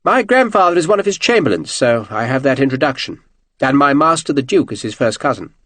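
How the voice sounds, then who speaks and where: A man voicing a smooth, ingratiating young officer who speaks carefully and fulsomely. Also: medium pitch, big pitch swings, brisk, fairly bright tone, dry recording.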